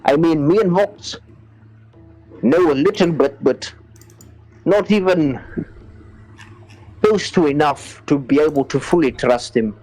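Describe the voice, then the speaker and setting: A man voicing a squeaky-voiced, suspicious young man in a tabletop game, pressing his point. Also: slow, pauses often, a little mellow, soft background music, poor audio. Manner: pressing, persuasive.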